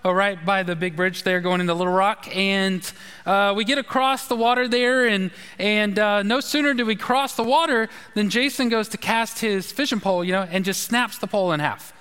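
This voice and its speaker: A man, a pastor telling a chatty, animated story in a sermon. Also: high voice, moderate pace, clear, resonant tone. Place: church sanctuary. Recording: long reverb of a large hall.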